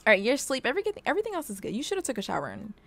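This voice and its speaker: A woman's voice: a little high, wildly swooping pitch, rapid-fire, creaky, fairly bright tone. A young woman hosting a let's play, giving casual, teasing commentary as she plays and laughing often.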